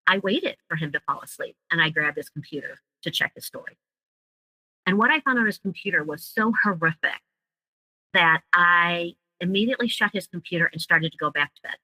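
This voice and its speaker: A woman's voice: lowish voice, lively intonation, brisk, bright, forceful tone, no echo, poor audio. A woman guest telling her own story in an interview, emotional and vivid, acting out the words of others as she recounts them. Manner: emotional storytelling, acts out quoted dialogue. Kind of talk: personal account in an interview.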